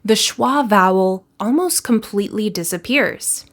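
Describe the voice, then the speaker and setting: Slow, clear American woman teaching English. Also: medium pitch, lively intonation. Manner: clear, deliberate explanations. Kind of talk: scripted lesson narration.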